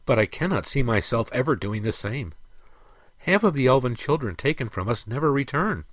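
A man's voice: mid-range voice, animated, moderate pace, no room sound, voice pushed up, close to an everyday voice. A man voicing a hotheaded young elf prince who speaks sharply, with an indignant, raised voice. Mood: hesitant.

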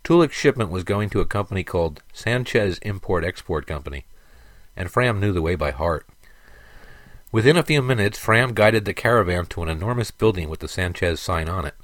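Deep-voiced male audiobook narrator. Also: animated, brisk, no echo.

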